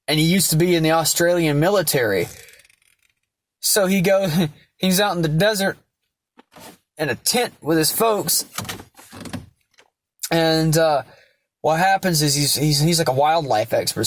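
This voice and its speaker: A young man tells a story in a loose, rambling way, full of fillers and swearing. His voice sits slightly high for a man. The recording is dry and close. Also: no room sound. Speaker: vlogger. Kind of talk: casual storytelling.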